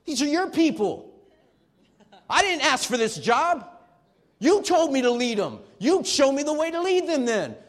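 Preacher playing a fed-up ancient leader hurling complaints at God, high and loud. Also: male voice, very animated, a little slow, big-room sound, full character voice. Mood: exasperated. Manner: pleading, indignant questions. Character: exasperated male biblical leader complaining to God.

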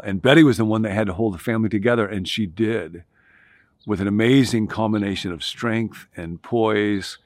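A man's voice: sits low, dry recording, studio quality. A man preaching a sermon, building his points through emphatic repetition. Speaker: pastor.

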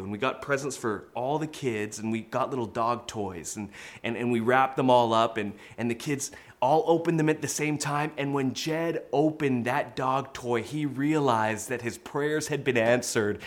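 A man in his forties preaching a sermon in church, telling stories with energy and bursts of loud exclamation. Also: a little high. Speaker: pastor.

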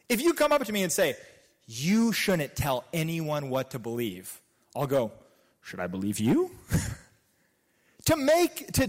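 A man preaching a sermon as pastor. His delivery is animated, with loud emphatic peaks and quiet asides. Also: sits high.

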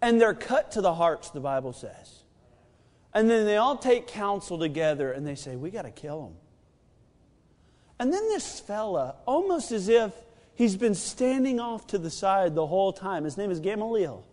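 A man preaching a sermon, telling the story with animated energy and acting out the lines of the characters. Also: high voice, normal speed. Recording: long reverb of a large hall.

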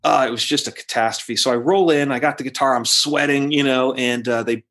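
A man's voice: mid-range voice, brisk. A man, a rock guitarist, telling a long story in a casual interview, swearing often and acting out what people said. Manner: animated, profane, acts out quotes in raised voice.

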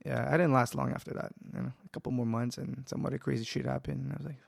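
Gravelly man, animated storyteller in a casual interview, dry sound. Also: medium pitch, quick pace, no room sound. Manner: animated, acts out quotes, swears. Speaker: guest, jiu-jitsu school owner.

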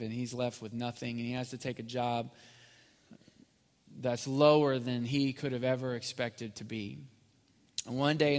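A man preaching a sermon as pastor, rising to loud peaks and dropping to near whisper. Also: mid-range voice. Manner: builds from quiet to loud, then drops to near whisper. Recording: long hall reverb.

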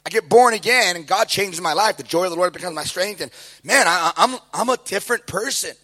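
A middle-aged man, preaching a sermon and telling his life story with lively, acted-out quotes. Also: sits high, brisk. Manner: animated storytelling, acting out quoted voices. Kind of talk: sermon testimony.

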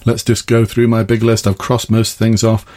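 A man's voice: lowish voice, completely flat delivery, moderate pace, darkish tone. A middle-aged former police officer hosting a podcast, chatting casually from his garden summer house and laughing at his own jokes. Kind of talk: casual advice talk.

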